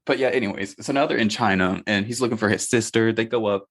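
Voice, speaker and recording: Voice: mid-range voice, fast talker, dry recording. A podcast co-host in casual chat about a movie, laid-back and opinionated, cursing casually.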